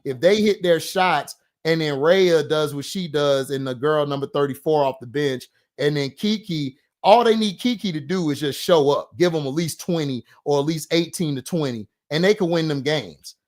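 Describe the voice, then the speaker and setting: A man's voice: a little high, normal speed, few pauses. A man hosting a sports talk show, arguing his points passionately and insistently in a casual, heated debate.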